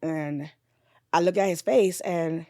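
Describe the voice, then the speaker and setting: Speaking slowly in a low-leaning voice, a nurse and bereaved mother recounts a painful memory on a candid podcast. The audio is dry and studio-clean. Her manner is frank and profane, sliding from loud storytelling to hushed sorrow.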